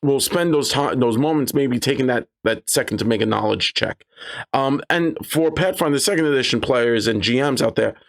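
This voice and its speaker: A man talking casually about running tabletop games, telling stories animatedly and jumping into high voices to quote his players. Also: moderate pace, vocal fry. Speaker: game master giving advice. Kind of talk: casual advice talk with anecdotes.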